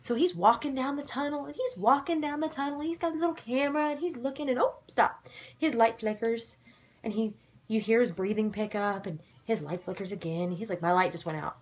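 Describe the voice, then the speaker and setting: A young woman casually recapping a TV episode to camera, animated and excitable, dropping into sudden dramatic whispers. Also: fairly high pitch, brisk, slight background noise. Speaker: vlogger recapping a ghost-hunting show.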